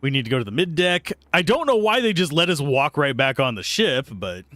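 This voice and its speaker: A man livestreaming from his home computer desk, chatting loosely as he plays. He rambles and swears when annoyed, and his voice is bright and swings around a lot. The sound is close and dry, with no room echo. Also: fairly high pitch, big pitch swings, a little fast. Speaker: livestreamer playing a video game. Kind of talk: casual gameplay commentary. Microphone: close mic with earbuds at a PC.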